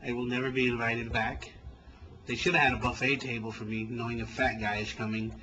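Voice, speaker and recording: A man's voice: mid-range voice, little pitch movement, brisk, sharp tone, slight background noise, rough recording. A man hosting a call-in show as a comedian, telling crude, rambling jokey stories.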